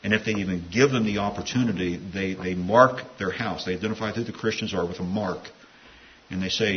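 A man's voice: low-pitched, fairly quick. A man preaching a sermon in a conversational, digressive way, with asides. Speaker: pastor. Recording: dull lo-fi sound with faint hiss.

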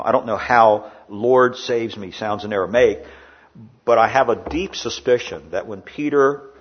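A man preaching a sermon in a church, rising loud in the story and dropping quiet for asides. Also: lowish voice, breathy edge, lo-fi sound. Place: indoor air-conditioned church.

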